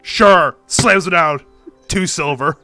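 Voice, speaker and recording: A man's voice: fairly high pitch, lively intonation, a little slow, bright, forceful tone, soft background music, full character voice. A man voicing a blunt, terse shopkeeper in a tabletop game. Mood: curt.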